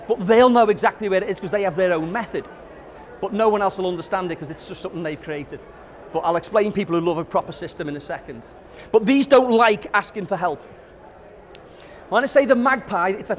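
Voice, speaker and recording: A man's voice: high-pitched, quick pace. A middle-aged man giving an interactive staff training talk to a live audience, cheeky and sweary, acting out examples. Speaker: workshop presenter. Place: conference session room with audience.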